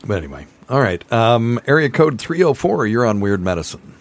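A man's voice: mid-range voice, sing-song, fairly quick, dry recording. A middle-aged man from the North Carolina mountains hosting a casual call-in podcast, chatting in a folksy, chuckling way. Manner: easygoing, chuckling, folksy storyteller. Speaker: podcast host taking calls.

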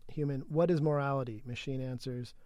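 A man co-hosting a casual podcast, reading chatbot transcripts aloud in a flat, even delivery. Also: mid-range voice, a little fast, dry recording.

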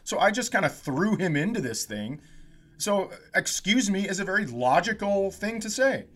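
A man hosting a comedy podcast, telling a story in a casual, animated way and acting out what people said. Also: high voice, normal speed. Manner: animated storyteller, acts out quotes, laughs often.

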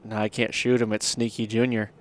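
A man's voice: on the low side, flat delivery, brisk. A man hosting a podcast, telling a long hunting story in a rambling, casual way with lots of fillers. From Michigan. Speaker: podcast host.

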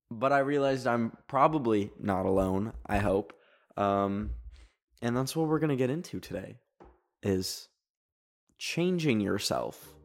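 Rambling young Canadian podcast host. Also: male voice, on the low side. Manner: rambling, filler-heavy, animated. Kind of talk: casual podcast monologue.

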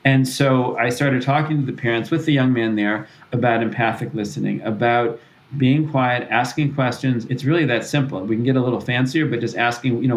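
A man, a psychologist and author, talking as a podcast guest in a relaxed, thoughtful way, often restarting sentences and acting out short parent-and-child exchanges as examples. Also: medium pitch, a little fast. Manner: thoughtful, restarts and self-corrects, acts out parent-child dialogue. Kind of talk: conversational explanation.

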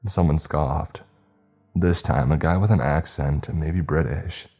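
A man narrates a first-person story in a measured, steady manner. His voice is extremely low and mellow. Faint music runs under the reading.

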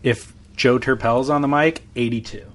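A man's voice: mid-range voice, steady tone, moderate pace, fairly bright tone. A man co-hosting a casual podcast chat, answering in a dry, matter-of-fact way. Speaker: podcast co-host.

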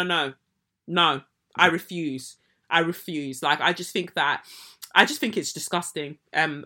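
A woman hosting a podcast, giving opinionated, sarcastic commentary on celebrities in an animated rant. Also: lowish voice. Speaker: podcast host.

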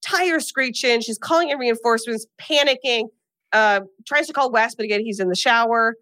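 A woman co-hosting a podcast, retelling a film's plot in a lively casual way, acting out the characters' lines. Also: fairly high pitch, moderate pace, no room sound, studio quality. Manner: animated retelling with acted quotes and laughs. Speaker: podcast co-host. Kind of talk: casual movie recap.

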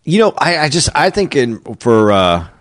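A man co-hosting a casual podcast who talks in halting bursts, restarting sentences as he searches for words. His voice sits in a plain middle range and is recorded dry and close. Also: medium pitch, big pitch swings, dry recording. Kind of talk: casual chat.

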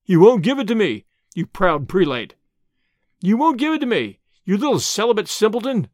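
For an audiobook reading of a classic story, a man voices a bold master thief posing as a priest. He lurches from a hushed, solemn priestly tone to loud, jeering triumph, his pitch leaping up and down as he mocks his victim with open relish. The delivery is very animated at a normal speed, and the sound is close and dry with no room echo.

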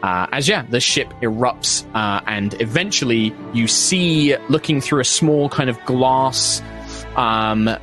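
A man's voice: mid-range voice, slow pace, a bit bright, soft background music. A man narrating as game master of a tabletop role-playing game, loose and chatty with lots of fillers. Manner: chatty, many fillers, laughs at own lines.

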